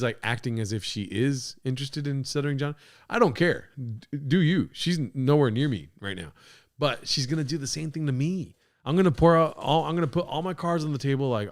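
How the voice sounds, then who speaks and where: Man, podcast host, reacting to clips, excitable, profane, animated voice. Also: medium pitch. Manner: excitable, profane, laughs often. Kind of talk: casual livestream reaction talk.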